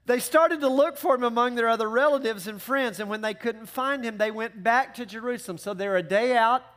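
A male pastor preaching a sermon in an animated, conversational way with joking asides. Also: very high-pitched, a little fast.

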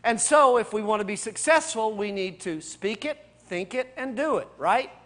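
A man's voice: sits high, animated, normal speed, a bit bright. A man, a pastor, teaching a Bible study, firing off rhetorical questions, repeating key points and speaking straight to his listeners in a casual way. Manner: addresses listeners directly and casually.

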